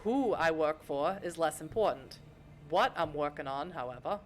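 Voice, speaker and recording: A woman voicing a smug, gruff male vampire detective with a raspy tough-guy drawl, reading a narrative game aloud on stream. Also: sits low, expressive, moderate pace, slight background noise. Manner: tough-guy drawl with a put-on Boston accent.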